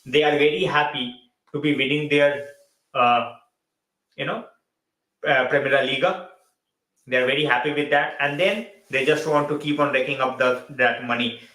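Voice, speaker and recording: A man's voice: medium pitch, normal speed, pauses often, pushed and bright, roomy sound, rough recording. A man hosting a live football stream, switching between Hindi and mid-sentence and repeating his phrases. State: tired and yawning late at night. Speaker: football channel host.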